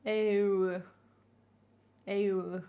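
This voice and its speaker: A woman's voice: mid-range voice, level tone, drawn-out words, dark tone. A young woman from England, a singer-songwriter, chatting casually and wryly on a live stream as she reacts to a music video. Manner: chatty, wry, jokey asides.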